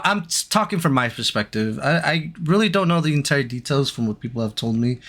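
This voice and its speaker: A male streamer giving a hesitant, halting apology, full of restarts and fillers. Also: mid-range voice, fairly bright tone.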